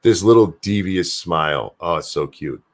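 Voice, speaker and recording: An older American man with a deep, low-pitched voice that swings widely in pitch as he talks. He hosts a solo live stream in a loose, rambling way, swearing freely and answering viewer chat as it comes in. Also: expressive, normal speed. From United States. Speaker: show host reading live chat.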